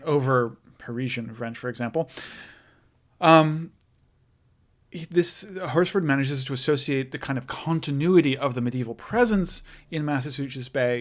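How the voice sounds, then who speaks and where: A young man giving a recorded history lecture, casual and thinking aloud, with many fillers and self-corrections. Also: medium pitch. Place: in front of a backdrop image.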